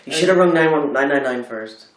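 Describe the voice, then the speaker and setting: A man from Philadelphia chats casually about a film, drifting into long anecdotes and acting out other people's lines. His voice sits a little high. He sounds distant from the mic, in a room with a lot of echo. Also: lively intonation, a little fast. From United States (Philadelphia). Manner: rambling storyteller, acts out quotes. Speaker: film review co-host. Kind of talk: casual chat.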